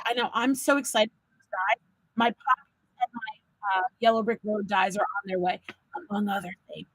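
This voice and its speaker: A woman hosting a live card-making demo, chatting with viewers and talking them through each step as an animated storyteller. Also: fairly high pitch, normal speed, no room sound, poor audio. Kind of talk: live crafting demo chat.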